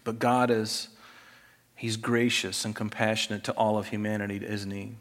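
A man preaching a sermon, animated, swinging between loud emphasis and quiet asides. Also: fairly low pitch, moderate pace. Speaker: pastor.

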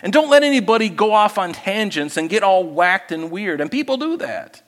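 A man preaching a sermon as pastor, lively and animated, acting out people he quotes. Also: moderate pace, few pauses, big-room sound. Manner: animated, acts out quoted people in higher voices.

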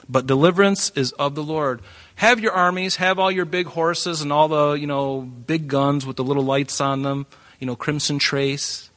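A man preaching a sermon in an animated way, breaking into joking asides and acting out the voices of the people in his story. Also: a little high. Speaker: pastor.

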